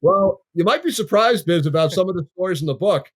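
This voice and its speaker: Appearing as a guest on a podcast, a Long Island, New York, man in his fifties who works as a sports broadcaster recounts his story calmly and easily. He has a high, expressive voice.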